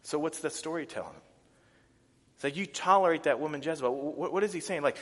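A man preaching a sermon, animated and casual, with many restarts and fillers. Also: fairly high pitch, quick pace. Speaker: pastor. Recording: reverberant hall.

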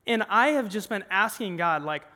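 A man's voice: high-pitched, lively intonation, moderate pace, bright, forceful tone. A young man preaching an earnest, conversational sermon to a crowd in a large worship room. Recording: long hall reverb.

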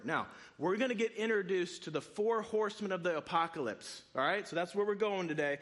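A man giving a sermon, preaching in a conversational, animated way with asides to the congregation. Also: high-pitched, normal speed. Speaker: pastor.

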